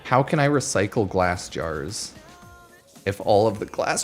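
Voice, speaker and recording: A man streaming a game, chatting casually in an animated, ranting way with frequent exclamations. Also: lowish voice, a little slow, faint music behind. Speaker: gaming streamer. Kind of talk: casual chat.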